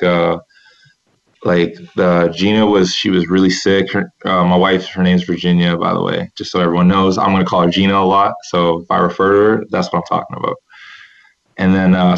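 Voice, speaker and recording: This man speaks in a very low, gravelly voice with a flat delivery. He tells the story casually and earnestly, circling back on his words often. The recording sounds dull and muffled. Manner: earnest, rambling with many restarts. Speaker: former overseas pro basketball player. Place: seated at a table indoors.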